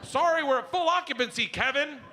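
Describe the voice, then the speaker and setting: A male comedian voicing his indignant wife in a high, shrill, exasperated voice. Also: a little fast, noisy background.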